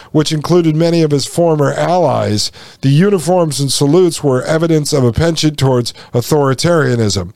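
A man's voice: on the high side, vocal fry, a little mellow, dry recording. Folksy male podcast host, dry sound. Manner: folksy, sarcastic asides addressed to listeners as folks. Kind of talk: podcast monologue, reading passages aloud and commenting.

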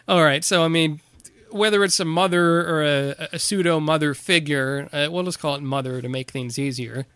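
A man with a somewhat raised voice co-hosts a movie podcast, talking casually about a film. He recaps the plot in a halting way, full of ums and restarts. The sound is dry and close, with no room in it. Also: on the high side, a bit bright, clear, resonant tone, no echo. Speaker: podcast co-host. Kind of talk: casual movie review chat.

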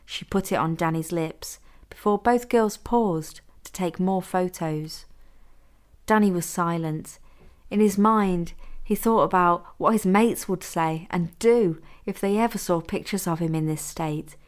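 A woman narrates her own story in a steady, measured audiobook reading. Her voice sits a bit low for a woman, even and unhurried.

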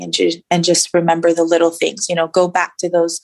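A woman's voice: lowish voice, completely flat delivery, normal speed, creaky, hardly any pauses. A woman guest in an interview, sharing her personal faith story in an earnest, reflective way with many fillers.

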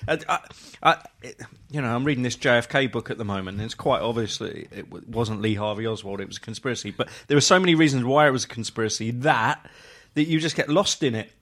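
A man's voice: mid-range voice, fast talker, few pauses, a bit bright. A middle-aged man, a guest on a football podcast, telling rambling stories in an easygoing way. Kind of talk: casual football chat.

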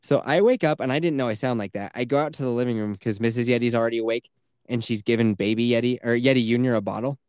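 Quick-paced and mid-range, this man's voice has a darkish yet clean tone. He hosts a podcast from a tiny closet, casually chatting through stories and swearing without restraint, and the studio-quality recording carries no room sound.

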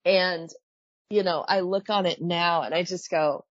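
A woman in her thirties co-hosting a podcast, chatting excitedly and laughing as she acts out other people's lines. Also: fairly low pitch, a little slow, no room sound. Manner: animated, laughing, mimics others in quoted voices. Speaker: podcast co-host, pilot. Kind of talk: casual podcast chat. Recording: dry, slightly dull podcast mic.

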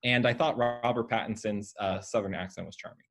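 A man co-hosting a film podcast, talking casually and haltingly, with many ums, about scenes he liked. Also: fairly low pitch, steady tone, a bit bright. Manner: hesitant, many ums, appreciative. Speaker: podcast co-host.

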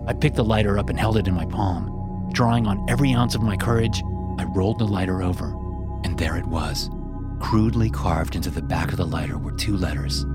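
A man narrating a first-person horror story in a hushed, tense storytelling manner. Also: deep voice. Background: music.

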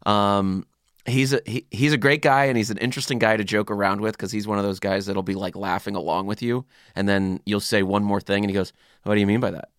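Male podcast host, easygoing, somewhat low voice, dry close sound. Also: fairly even intonation, fairly quick, fairly bright tone, dry recording. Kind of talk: casual podcast chat. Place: podcast studio.

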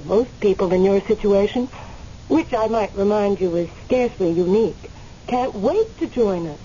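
An actress playing the spirit of a dead woman who waits in limbo, speaking in a gently teasing, unhurried way in a radio drama. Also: medium pitch, lightly acted. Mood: calm, teasing. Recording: muffled radio recording, faint hiss.

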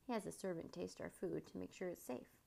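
A woman's voice: fairly low pitch, fairly quick, vocal fry, warm tone. A woman reading as a formal young boy prince. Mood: earnest. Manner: formal, no contractions.

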